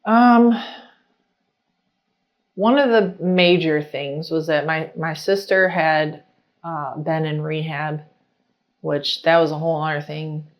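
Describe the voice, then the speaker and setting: A young adult woman sharing her personal story in casual talk, chatty and animated, full of fillers as she retells scenes. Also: low voice, takes it slowly, pauses often, dull audio. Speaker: interviewee.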